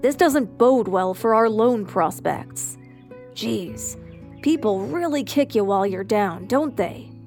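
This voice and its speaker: A woman's voice: fairly high pitch, lively intonation, takes it slowly, a little mellow, faint music behind. A woman narrator voicing a stressed older businessman father, brusque and worried.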